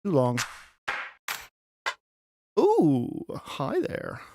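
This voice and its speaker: A man casually talking through a music production tutorial on a live stream, chatty and thinking out loud with lots of fillers. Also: a little high, wildly swooping pitch, extremely slow, creaky, noisy background. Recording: music playing underneath.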